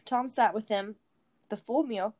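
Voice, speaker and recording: A woman casually reading a story chapter aloud, relaxed, with chatty asides and some yawning. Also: a little high, a little slow. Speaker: reader.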